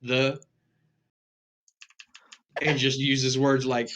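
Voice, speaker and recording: A man's voice: mid-range voice, fairly even intonation, normal speed, fairly bright tone. A man playing a tabletop game, describing his character in a wry, hesitant way with fillers. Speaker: player. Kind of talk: casual tabletop chat.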